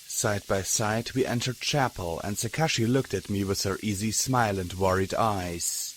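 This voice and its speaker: A man reading a fan audiobook in slow, measured narration. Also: lowish voice, slight background noise. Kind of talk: scripted narration. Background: background music.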